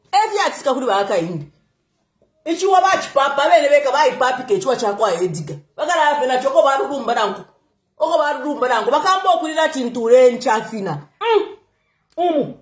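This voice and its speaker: A young woman giving casual political commentary, animated, laughing often and switching between languages. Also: high voice, echoey room. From Zambia.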